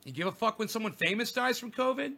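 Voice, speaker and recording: A man's voice: very high voice, lively intonation, quick pace, vocal fry, sharp tone. A man delivering an angry, profane livestream rant, berating his audience in a confrontational way. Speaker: streamer. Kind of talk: ranting livestream monologue.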